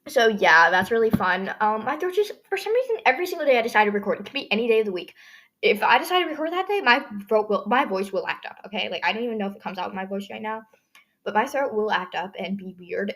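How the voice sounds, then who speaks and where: Talking fast and animated in a slightly bright, medium-pitched voice, a teenage podcast host chats casually on her solo show. Her throat sounds dry and scratchy, and she rambles, dropping "like" into every sentence.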